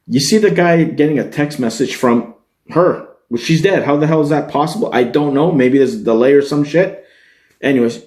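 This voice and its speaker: Guy doing a loose profane movie recap for his viewers, average voice, echoey room sound. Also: mid-range voice. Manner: excitable, swears freely, talks straight to viewers. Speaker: podcast host. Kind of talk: casual spoiler-filled movie recap. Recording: roomy echo.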